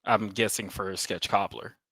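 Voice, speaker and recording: A woman's voice: a bass voice, steady tone, measured pace, fairly bright tone, slightly rough, no room sound. A woman co-hosting a live chat, reading out viewer comments with polite, hesitant interjections. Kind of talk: casual live-chat banter.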